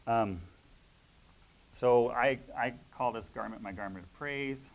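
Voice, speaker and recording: A man sharing a spiritual reflection with a church congregation, talking in a reflective, halting way with many pauses and fillers. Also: medium pitch, gravelly, low-quality recording. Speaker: church member sharing a word. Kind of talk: informal sermon sharing.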